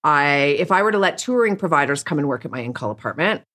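A woman with a notably low voice speaks frankly as a podcast guest. She rambles, restarts her sentences and talks bluntly. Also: animated, quick pace, a bit bright. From Canada. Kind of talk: candid interview conversation.

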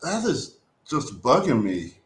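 Male co-host, slow grumbling complainer, echoey roomy sound. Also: medium pitch, huge pitch swings. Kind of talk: casual movie review chat.

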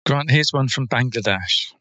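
A man joins a casual podcast chat with joking asides. His voice is bright and forceful. The sound is dry and close. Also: mid-range voice, moderate pace, no echo. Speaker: podcast co-host.

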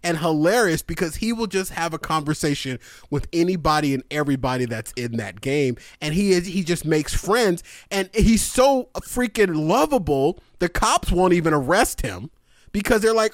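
Excitable man, slightly high voice. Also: moderate pace, no room sound, studio quality. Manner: excited, swearing, laughing while telling. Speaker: podcast co-host. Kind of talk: casual chat.

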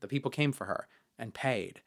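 This man's creaky voice moves at a moderate pace as he co-hosts a podcast and shares something from his own life. His delivery is loose and talky with lots of fillers, and he pitches up to play the people he quotes.

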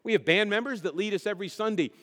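A middle-aged male pastor with a high-pitched, fairly bright voice talks very fast in a conversational sermon, joking and putting questions to the congregation. He's in a church sanctuary, and the recording carries long hall reverb.

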